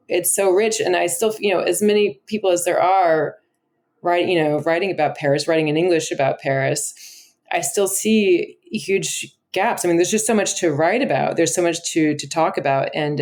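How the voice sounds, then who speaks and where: A talkative American woman in her thirties, guesting on an interview show. Her voice sits a little low, and she talks in quick, lively bursts, looping back with "like" and "you know" as she goes. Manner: chatty and animated, many filler words and restarts. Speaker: guest, travel journalist. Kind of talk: conversational interview.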